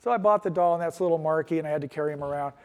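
A man's voice: a little high, racing. A middle-aged man giving a candid, rambling personal testimony at a recovery meeting, with wry self-deprecating asides. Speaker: speaker sharing his recovery story. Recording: long echoey hall reverb.

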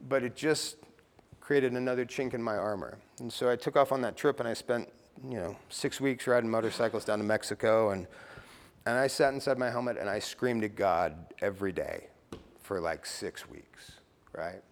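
Middle-aged guy with a lowish voice, telling his recovery story at a meeting, blunt, swears a lot, keeps saying you know. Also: moderate pace, in a large hall. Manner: casual and blunt, swears, peppers talk with "you know" and "right". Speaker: speaker sharing at a recovery meeting.

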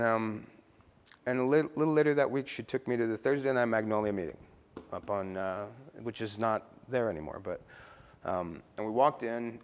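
A man's voice: on the low side, in a large hall. A middle-aged man sharing his recovery story at a meeting, blunt and casual, swearing and tossing in "you know" and "right.".

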